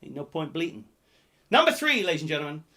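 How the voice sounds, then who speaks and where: A man hosting a live-streamed pub quiz, jokey and rambling, swinging between loud announcements and muttered asides. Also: on the high side, very animated, quick pace. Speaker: quiz host.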